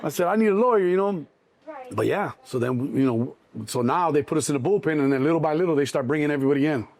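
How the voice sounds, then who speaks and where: A middle-aged man from Chicago, a guest in an interview, telling his story in an animated way and acting out the people in it. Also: on the high side, quick pace. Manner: animated, acts out cops and himself in quotes.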